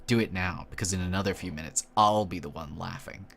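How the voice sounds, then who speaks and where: A man's voice: deep voice, a little fast, vocal fry, a bit bright. A man voicing a frail, bitter teenage mutant boy in a game, with a defiant, sneering manner.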